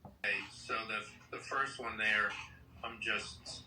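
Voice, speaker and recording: A man's voice: fairly low pitch, fairly even intonation, slow, bright, forceful tone, distant mic, a little hiss or hum. A man helping his daughter rehearse lines, giving short, plain replies. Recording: echoey room, voice from off-mic.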